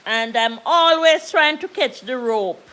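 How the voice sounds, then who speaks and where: Slow, high-voiced Jamaican woman storyteller. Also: expressive, bright, forceful tone, poor audio. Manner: unhurried, repeats phrases for emphasis. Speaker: live stream host. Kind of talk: casual storytelling on a live stream.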